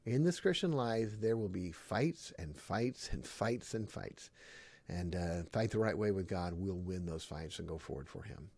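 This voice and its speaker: A male pastor giving a sermon, repeating key phrases with emphasis, swinging from loud to hushed and pausing on ums and uhs. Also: deep voice, lively intonation, vocal fry, slightly rough, no echo.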